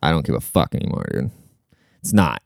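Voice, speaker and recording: A man's voice: very deep voice, big pitch swings, a little fast, gravelly, no room sound, clean studio sound. A young man ranting casually, profane, sarcastic and rambling, stopping to look things up as he talks. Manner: looks things up mid-talk. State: short of breath at times. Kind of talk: casual rant.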